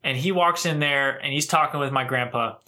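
A man on a casual podcast, telling a family story with lively acted-out voices. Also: brisk. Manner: animated storyteller, acts out voices with big pitch jumps. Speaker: podcast co-host.

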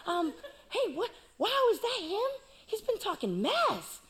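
Naive, timid boy, voiced by a woman, high and soft, hesitant delivery. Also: huge pitch swings, unhurried, full character voice. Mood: shy eager.

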